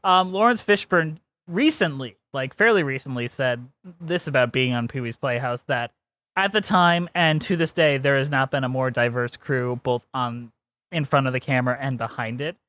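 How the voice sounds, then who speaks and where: A man co-hosting a podcast, chatting casually and giving firm opinions, laughing often and slipping into quick voice impressions. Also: medium pitch, sharp tone, dry recording. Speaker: podcast co-host. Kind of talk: casual chat.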